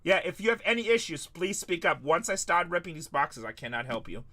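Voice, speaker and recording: A man's voice: fairly high pitch, lively intonation, brisk, bright, forceful tone. A man hosting a live card-breaking stream, tired, chatting loosely and joking back at viewers' comments. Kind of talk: casual livestream chat to viewers.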